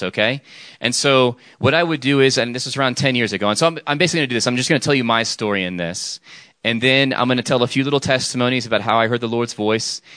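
In studio-quality audio with no echo, a man with a medium-pitched, fairly bright voice preaches an informal sermon. He chats and jokes with the audience, frequently checking in with "okay?" and restarting his sentences.

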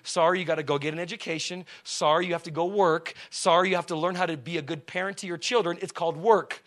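A fiery male preacher with a high voice delivers a sermon in a church, talking to the congregation in loose, slangy language. He swings from ringing shouts to quiet, close words and keeps asking the crowd if they are ready. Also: quick pace, few pauses. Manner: energetic, swings from shouting to hushed talk; slangy and conversational, asks the crowd questions.

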